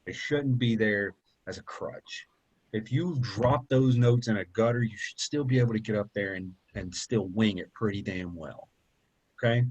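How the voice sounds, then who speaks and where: Husky-voiced man lecturing casually. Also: lowish voice, normal speed, lo-fi sound. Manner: conversational, repeats points, asks okay and right. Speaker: college public speaking instructor.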